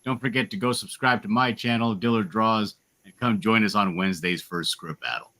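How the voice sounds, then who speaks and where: A man's voice: fairly low pitch, a little fast, sharp tone. A man who is an artist, joking as a guest on a casual livestream chat.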